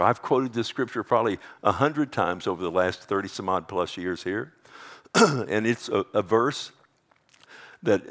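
A middle-aged male pastor preaching a sermon, quoting scripture and pressing his points with rising emphasis. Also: on the low side.

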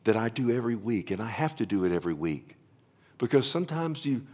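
A man in his fifties preaching a sermon, rambling with restarts, then building to loud, emotional proclamation and pleading. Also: mid-range voice, big pitch swings, quick pace. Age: 50s. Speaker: pastor. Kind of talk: sermon with altar call.

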